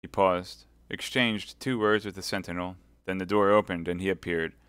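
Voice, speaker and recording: A man reading a classic novel aloud live, in a measured, expressive way. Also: sits low, clear, resonant tone, dry recording. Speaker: audiobook reader.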